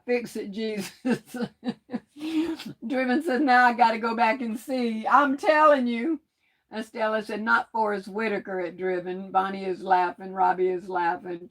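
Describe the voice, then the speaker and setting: A woman hosting a craft livestream, reading viewer comments aloud in a teasing, folksy way and laughing often. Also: mid-range voice.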